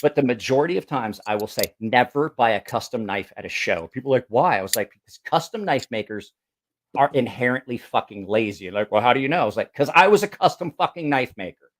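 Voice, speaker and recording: A man's voice: mid-range voice, animated, quick pace, no echo. A man hosting a casual podcast chat, a blunt and profane storyteller who acts out both sides of his anecdotes. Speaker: podcast host and knife sharpener.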